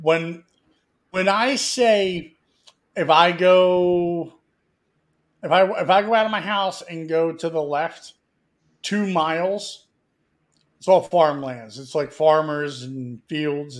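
A Florida man with a fairly high voice co-hosts a podcast, speaking slowly with long pauses. He's an animated storyteller, spinning rambling, profane tales in loose, crude banter.

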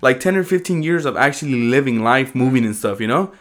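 Man, podcast co-host, casual rambling storyteller, slangy, mid-pitched voice. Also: animated, fast talker, a bit bright. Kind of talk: casual chat.

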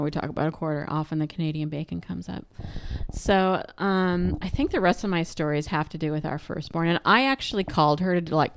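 A middle-aged woman chatting casually as co-host, telling family stories and acting out the voices in them. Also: clean tone. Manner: animated storyteller, acts out quotes with big pitch jumps. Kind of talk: casual chat.

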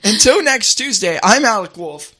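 A man's voice: high-pitched, sing-song, normal speed, sharp tone. A man co-hosting a radio show, bantering casually in a jokey, teasing way and tripping over repeated words.

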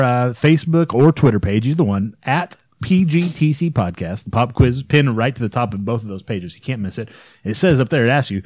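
A man's voice: mid-range voice, a little mellow, dry recording. A man hosting a podcast in casual chat, laid-back, with lots of "all right" and "you know". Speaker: podcast host.

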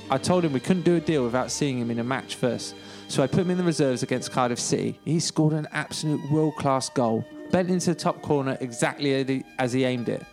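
A man co-hosting a podcast, reading a story aloud with wry, self-deprecating asides. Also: mid-range voice. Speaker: podcast co-host reading a memoir.

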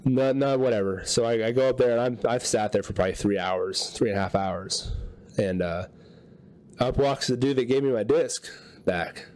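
A man with a mid-range voice and moderate pace co-hosts a podcast, recounting a long story in casual conversation. As an animated storyteller, he acts out what each person said.

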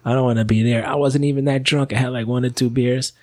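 A man's voice: mid-range voice, fairly even intonation, quick pace, a little mellow, dry recording. A man calling in and telling a rambling story in casual talk, full of fillers, restarts and swearing. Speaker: caller.

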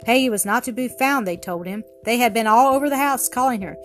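A woman reading a storybook aloud, gentle and expressive, softening her voice for the characters. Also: a little high, fast, faint music behind. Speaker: narrator. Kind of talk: storybook narration.

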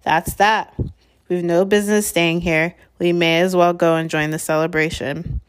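A woman voicing a calm, whimsical old male headmaster wizard who speaks unhurriedly with gentle wryness. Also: on the low side, normal speed, clear, resonant tone, lightly acted.

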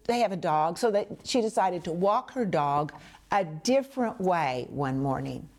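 A woman teaching a devotional message in an earnest manner, speaking straight to the listener as a friend and sinking to hushed whispers for emphasis. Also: on the low side, expressive, measured pace. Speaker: Bible teacher.

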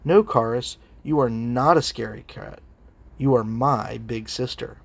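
A man quoting his four-year-old daughter gently and sincerely in a sermon. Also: medium pitch, a little slow, vocal fry, breathy edge, dry recording. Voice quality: gentle, earnest.

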